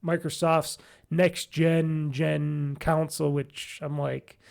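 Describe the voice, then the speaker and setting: A man's voice: fairly high pitch, measured pace, a little mellow. A man hosting a casual solo gaming podcast, talking in a rambling way full of fillers and restarts, with a nasal, stuffy, tired voice. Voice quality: nasal, gravelly. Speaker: podcast host.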